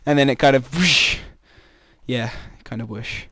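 A man's voice: mid-range voice, takes it slowly, sharp tone, dry recording, clean studio sound. A man giving rambling, chatty commentary while playing a game, breaking into startled exclamations. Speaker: gamer. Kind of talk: casual gameplay commentary.

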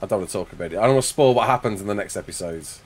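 A man's voice: on the low side, rapid-fire. A young English man streaming a game live, chatting casually and reading viewer comments aloud as he answers them. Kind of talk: casual live-stream chat while gaming. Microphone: desk mic with face cam.

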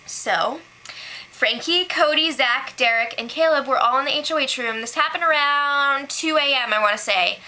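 A woman hosting a casual recap video, chatty and sarcastic, often giggling through quick asides. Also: high-pitched, pushed and bright. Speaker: host recapping a reality show.

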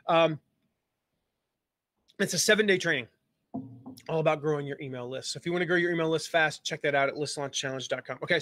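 Coach type, male, slightly high voice, rambling live-lesson delivery, dry mic. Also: a bit bright, no echo. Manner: chatty, many fillers and restarts. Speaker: marketing coach. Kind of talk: live-streamed lesson, casual talk.

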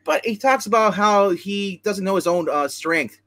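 Guy hosting a comics chat, rambly, lots of restarts, kinda higher voice. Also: animated, normal speed, pushed and bright. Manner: rambling, many restarts and asides. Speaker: comics show host. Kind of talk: casual chat reviewing comics.

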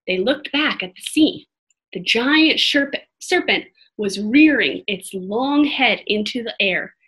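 A woman reading a children's chapter book aloud expressively, pausing to talk to her listeners. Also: on the high side, husky. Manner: expressive, pauses to comment to listeners. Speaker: storybook reader.

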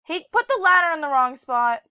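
A woman commentating her own gameplay who gets easily exasperated, swearing and yelling at the other players. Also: sits high, big pitch swings, a little fast, no room sound, dull audio. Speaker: gamer playing parkour maps.

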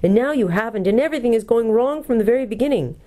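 A woman's voice: fairly high pitch, animated, fast, dark tone, pitched above the performer's own voice, lightly acted. A woman voicing an eager, bossy English schoolgirl in a storybook reading. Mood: impatient.

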